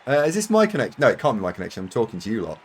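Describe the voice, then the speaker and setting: A man's voice: mid-range voice, huge pitch swings, rapid-fire, breathy edge, a faint crowd. A British man chatting casually to his viewers while streaming a game, rambling and self-mocking with frequent laughs. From United Kingdom. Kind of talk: live-stream chat while gaming.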